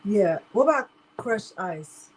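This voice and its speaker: A woman's voice: medium pitch, lively intonation, slow pace, breathy edge, low-quality recording. A woman hosting a live crafting tutorial, chatting casually and talking straight to her viewers. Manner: chatty, talks straight to viewers as "y'all", laughs often. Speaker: crafting livestream host.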